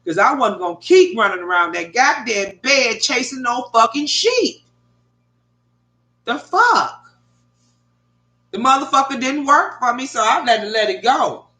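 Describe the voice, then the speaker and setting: A middle-aged vlogger tells her viewers a rambling story, cursing freely and speaking with lots of animation. Her bright, forceful voice is a little high, moves at a normal speed with few pauses, and echoes around the bedroom where she records.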